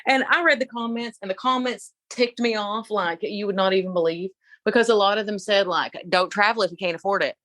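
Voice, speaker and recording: A middle-aged woman co-hosting a podcast, telling a story in an animated, opinionated casual chat. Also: mid-range voice, a little fast, no room sound. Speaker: podcast co-host.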